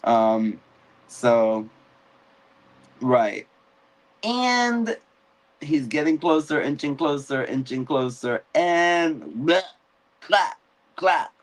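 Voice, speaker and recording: Animated man recapping an episode. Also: on the high side, extremely slow, pauses often, poor audio. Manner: animated, acts out characters' lines. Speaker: podcast host. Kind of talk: casual live-stream episode recap.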